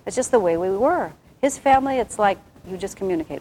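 Soft-voiced woman, spiritual teacher type, wordy and meandering, mid-pitched. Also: fairly quick, few pauses, slight background noise, rough recording. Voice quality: soft-spoken. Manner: wordy, rambling, with many restarts. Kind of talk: reflective spiritual talk to an audience.

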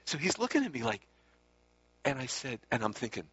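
In a dull, lo-fi recording with no room sound, a man talks fast and very animatedly about his time with a spiritual teacher. His voice is lowish but fairly bright, and he rambles casually, fixing his words and adding asides.

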